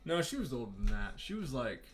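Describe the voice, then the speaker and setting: A man's voice: medium pitch, very animated, a little fast, soft background music. A man talking casually while he draws, rambling through stories with lots of fillers and swearing. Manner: rambling, profane, filler-heavy storytelling. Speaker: artist vlogger.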